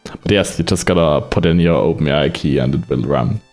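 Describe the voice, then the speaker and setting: Low-voiced man demoing software. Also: moderate pace, soft background music. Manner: chatty, laughs a lot, loose and rambling. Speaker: streamer and software developer. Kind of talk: casual live-stream demo.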